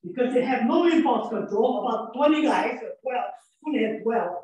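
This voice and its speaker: A man's voice: very high-pitched, animated, moderate pace, darkish tone. Man lecturing in an echoey room, far off. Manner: playful, rambling, quizzes the audience. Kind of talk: lively classroom lecture with jokes.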